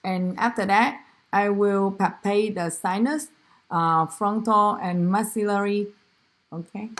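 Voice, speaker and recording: A woman whose first language is Vietnamese walks through a clinical exam, speaking slowly and carefully. She halts often, restarts her phrases, and fills pauses with ums and uhs. Her pitch sits in an ordinary middle range. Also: fairly even intonation. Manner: halting, many fillers and self-corrections, non-native English grammar. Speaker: student demonstrating a physical exam. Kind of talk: narrated clinical skills demonstration.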